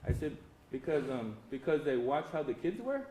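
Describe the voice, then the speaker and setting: A man's voice: fairly high pitch, big pitch swings, normal speed, mellow, a little hiss or hum. An older man telling folksy, humorous stories to an audience at a symposium and talking to them directly. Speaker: symposium speaker. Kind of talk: storytelling talk to an audience. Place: lecture hall. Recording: roomy hall sound, faint ambience.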